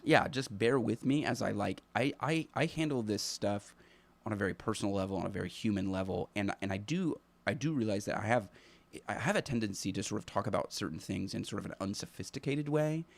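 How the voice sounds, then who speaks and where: A man hosting a live stream, talking through his views in an earnest, halting way, with many fillers and restarts as he thinks aloud. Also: fairly low pitch, expressive, gravelly. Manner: earnest, reflective. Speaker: teacher. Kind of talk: unscripted live stream commentary.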